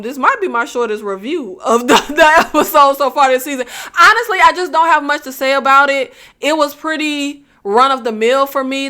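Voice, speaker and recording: A woman's voice: sits high, bright, forceful tone, smooth. A woman hosting a TV review channel, chatting casually and laughing often, with Southern slang.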